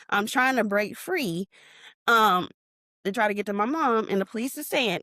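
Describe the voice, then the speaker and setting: A woman's voice: mid-range voice, normal speed, dry recording, clean studio sound. A woman guest on a podcast, recounting a painful memory in an emotional storytelling manner and acting out what she and others said. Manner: emotional retelling, reenacting her own shouts. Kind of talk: personal storytelling interview.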